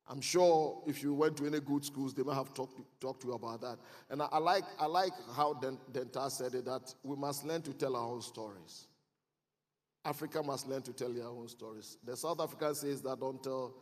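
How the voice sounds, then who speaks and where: A middle-aged man giving a motivational speech at a conference, telling stories and building to loud, emphatic preaching. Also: on the high side. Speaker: conference speaker. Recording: long hall reverb.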